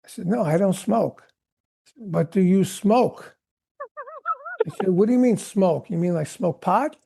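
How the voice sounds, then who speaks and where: An older man, a veteran drummer, telling animated stories in a podcast interview and acting out the voices of the people he quotes. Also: high voice, brisk, gravelly, breathy edge. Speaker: guest drummer.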